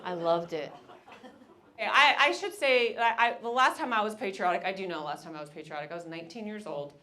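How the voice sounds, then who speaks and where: A woman in her thirties performing a stand-up comedy set, telling a story with lively acted-out voices. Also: medium pitch, fairly quick. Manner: animated storytelling, acts out characters.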